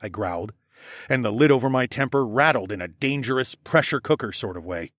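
A man narrating a first-person fantasy audiobook with a lively, storytelling delivery. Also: medium pitch, brisk, no room sound, clean studio sound.

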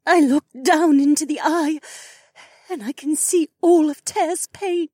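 A man's voice: extremely high pitch, darkish tone, no room sound, voice pushed up. A male audiobook narrator voicing a young woman in pain who speaks in a shaky, entranced way. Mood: pained, cryptic. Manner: whimpering, shaky and slow.

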